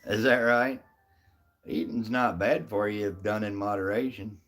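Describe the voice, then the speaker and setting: A middle-aged man with a fairly low voice talks casually on a live stream. He is folksy and chatty, reading out viewers' names and answering each of them in an easygoing way. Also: steady tone, a little slow, fairly bright tone, faint music behind. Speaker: livestream host reading chat.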